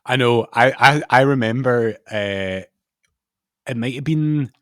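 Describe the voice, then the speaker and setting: A man's voice: medium pitch, takes it slowly, a bit bright, no echo, studio quality. A man co-hosting a podcast, telling rambling stories and acting out quotes in casual chat. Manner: rambling storyteller who acts out quotes. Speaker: podcast co-host.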